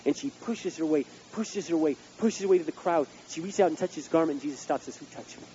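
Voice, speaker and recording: A male pastor preaching a sermon, swinging between loud outbursts and hushed asides. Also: on the high side, fast talker, lo-fi sound, slight background noise.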